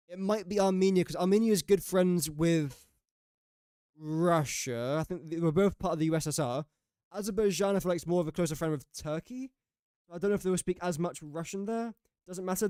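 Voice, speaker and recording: Chatty gaming streamer, smooth voice. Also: male voice, high voice, warm tone, dry recording, clean studio sound. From England. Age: young adult. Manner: chatty, jokey and self-mocking, thinking aloud. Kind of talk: casual live-stream commentary.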